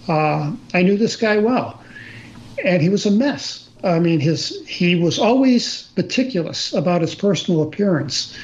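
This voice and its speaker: Older man earnestly telling a story. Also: high voice. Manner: plain, earnest storytelling with many fillers and restarts. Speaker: guest storyteller. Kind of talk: personal story told in conversation. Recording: slightly dull audio with faint noise.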